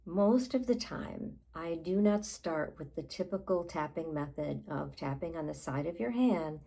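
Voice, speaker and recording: Slow, gravelly-voiced woman life coach. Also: sits low, poor audio. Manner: calm, unhurried guiding with pauses. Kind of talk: guided tapping session.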